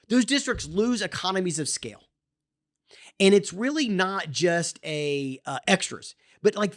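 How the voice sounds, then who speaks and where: A podcast host delivers a heated, opinionated monologue. The pitch swings all over the place, lively and animated. Sentences keep restarting and stumbling over repeated words as the passion builds. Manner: impassioned, gets worked up, many restarts and repeated words.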